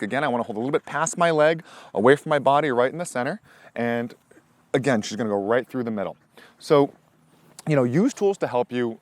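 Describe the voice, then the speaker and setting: A man explaining dog disc training in a relaxed, upbeat way. His voice sits at a middle pitch and moves around a lot as he talks. He stays encouraging, breaking off to give short commands and praise. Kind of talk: casual instructional demo.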